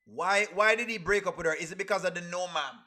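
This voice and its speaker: A man chats on a livestream, bright and forceful in tone. His voice sits a little high, and he is playful and laughs easily while reading out chat messages. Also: quick pace. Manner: playful, laughs often, reads chat aloud. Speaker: reaction streamer.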